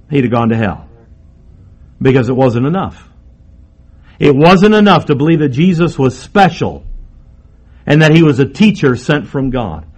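A man preaching a sermon, emphatic, moving between raised and hushed delivery. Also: fairly high pitch, husky.

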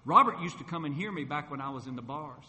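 Man preaching a bright testimony. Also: on the high side, quick pace. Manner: lively storyteller who acts out dialogue. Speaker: preacher sharing his testimony. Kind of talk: testimony sermon storytelling. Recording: long hall reverb.

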